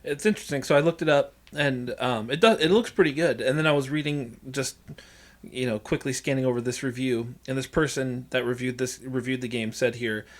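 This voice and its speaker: A podcast co-host chatting casually, with a mid-range voice. They laugh easily and read passages aloud in a relaxed, reactive way. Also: mid-range voice, brisk. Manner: laughs often, reads aloud from a review. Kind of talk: casual chat.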